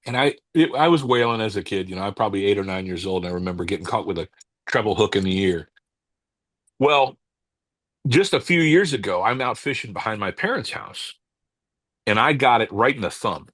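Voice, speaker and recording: A man, a cigar company owner and podcast guest, telling stories in a casual interview, halting and restarting as he searches for words. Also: fairly low pitch, no room sound. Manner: calm, unhurried anecdote telling.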